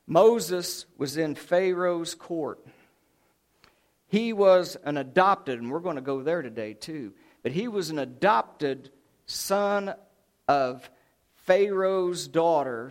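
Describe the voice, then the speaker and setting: A man preaching a sermon, telling Bible stories in an animated way and stretching out key words for emphasis. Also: a little high. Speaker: pastor.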